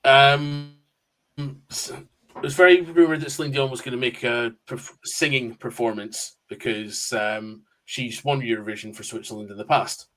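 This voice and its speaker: A man's voice: medium pitch, steady tone, moderate pace, a bit bright. A man, a Eurovision buff explaining details in casual chat with frequent "um"s. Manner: chatty, explains facts with fillers. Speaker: Eurovision expert guest.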